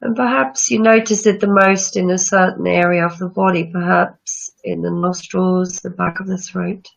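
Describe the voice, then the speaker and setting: A woman yoga teacher leading a guided breathing meditation with slow, soothing instructions. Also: on the low side, steady tone, vocal fry. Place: room with chairs, not a studio. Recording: dull lo-fi sound.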